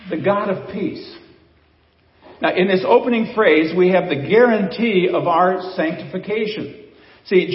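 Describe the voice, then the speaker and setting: Older man, pastor, conversational sermon, slightly high voice, echoey and muffled church recording. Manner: conversational preaching with rhetorical questions to the congregation. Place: church sanctuary.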